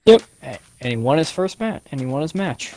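A man's voice: a little high, sing-song, fairly quick, darkish tone. Guy on a game stream, medium voice that jumps around a lot, short laid-back replies. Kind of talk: casual gaming chat.

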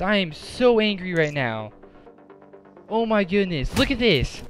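Animated man doing gameplay commentary. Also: sits high, measured pace. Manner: excitable, prone to exasperated outbursts. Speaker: gaming commentator. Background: game music and sounds.

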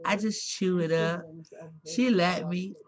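A woman's voice: lowish voice, steady tone, takes it slowly. A woman voicing her cheeky little biting pet. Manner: cheeky, boastful baby talk. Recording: TV chatter in background.

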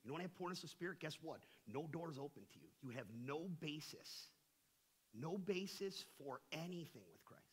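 A middle-aged male pastor preaching a sermon in a church, conversational and full of slang, swinging between hushed asides and impassioned shouts. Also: fairly high pitch, animated, normal speed, breathy edge. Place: church sanctuary.

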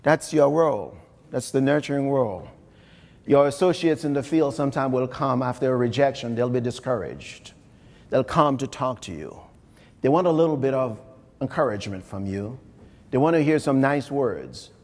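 This is a man from Haiti giving a live motivational keynote in a large conference hall, his medium-pitched voice expressive and his speed normal. He speaks emphatically, repeats phrases and addresses the crowd directly. A long hall reverb from the conference room colors the recording.

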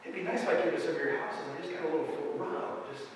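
A man preaching with a lively, joking delivery. His voice sits a little high and rings through a big, echoey church hall, picked up from far off. A faint room hum stays underneath. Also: racing. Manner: animated, joking, acts out quoted voices. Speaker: pastor. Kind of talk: sermon. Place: church sanctuary.

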